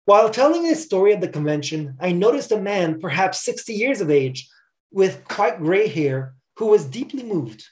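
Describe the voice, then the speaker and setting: A man's voice: high-pitched, sing-song, moderate pace. Preacher guy reading a story out in church, earnest, trips over words now and then. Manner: reads a story aloud, earnest, with small stumbles. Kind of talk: sermon storytelling.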